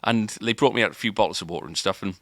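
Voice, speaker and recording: A man's voice: on the low side, rapid-fire, no room sound. A man, a podcast co-host, telling a long story in casual chat, rambling with restarts and filler words.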